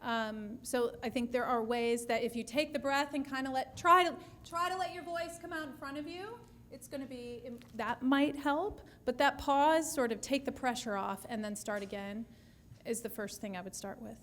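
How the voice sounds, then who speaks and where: A woman's voice: high voice, fairly even intonation, normal speed, fairly bright tone. A woman speech therapist answering audience questions at a session, explaining patiently with frequent restarts.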